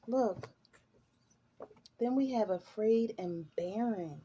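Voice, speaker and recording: Woman tarot reader, slow musing delivery, somewhat high pitch. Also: a little mellow, husky. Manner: slow, musing and chatty, breaks into laughs. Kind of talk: tarot reading.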